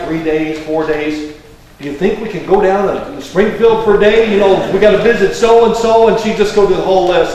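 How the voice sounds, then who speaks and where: A man in his sixties speaks with a Kentucky accent, rambling through folksy, joking stories as the guest of honor. He sits a bit high for a man, and he sounds distant from the mic. His voice rings through a large, echoey hall with a long reverb tail. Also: a little mellow, slight background noise. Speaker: guest of honor giving a speech. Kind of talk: public speech.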